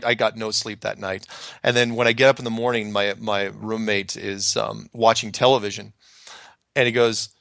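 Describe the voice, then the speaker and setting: Middle-aged male storyteller, gravelly, chatty and animated, plays every character in his tale; dry close mic. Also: mid-range voice, no echo. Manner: animated, acts out quoted voices, laughs often. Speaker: storyteller guest recounting his past. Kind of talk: casual conversational storytelling.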